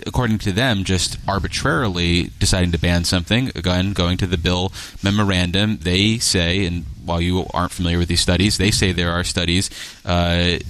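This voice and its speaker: A man's voice: low voice, fairly bright tone. A man hosting a news interview, pressing his guest with probing, challenging questions. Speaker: radio interviewer.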